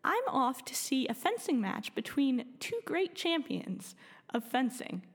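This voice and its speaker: Woman voicing a chipper little storybook bird, high-ish, reverberant room. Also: sing-song, a little slow, husky, heavily acted. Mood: explaining. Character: small cheerful bird off to an outing.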